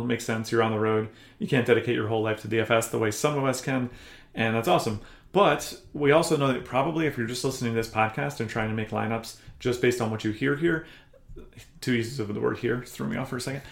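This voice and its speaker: A man co-hosting a podcast in a laid-back, chatty way, pitching a listener deal. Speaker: podcast co-host. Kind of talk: casual podcast chat and promo. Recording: roomy echo.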